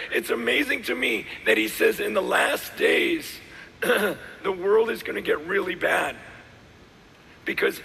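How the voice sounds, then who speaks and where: A middle-aged male pastor preaching a sermon, his voice hoarse and worn out, swinging between shouted lines and quiet asides. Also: high-pitched. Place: large hall with live audience. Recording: long hall reverb, faint noise.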